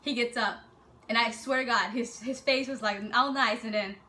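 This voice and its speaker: A young woman telling a story in a casual, animated way, swearing freely and acting out what people said. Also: on the high side, moderate pace, a little hiss or hum. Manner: animated, profane, acts out quotes.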